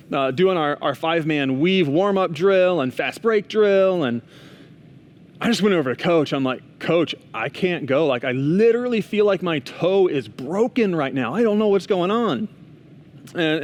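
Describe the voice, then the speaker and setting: A young man giving a casual chapel talk to students, telling a story in a chatty way with frequent asides and restarts. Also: on the high side. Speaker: school chapel speaker.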